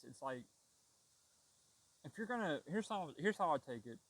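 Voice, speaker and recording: A man's voice: a little high, animated, normal speed, no room sound, rough recording. A young man telling a story about a shelter in a casual, frustrated rant, swearing heavily and restarting his sentences. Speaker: vlogger.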